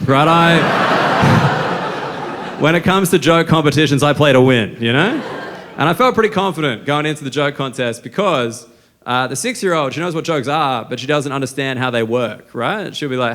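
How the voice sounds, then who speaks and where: Crude Australian man doing stand-up. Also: mid-range voice. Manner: crude, deadpan storytelling with quick asides. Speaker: stand-up comedian. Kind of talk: stand-up set. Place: comedy club stage with audience. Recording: live club recording, noisy with laughter.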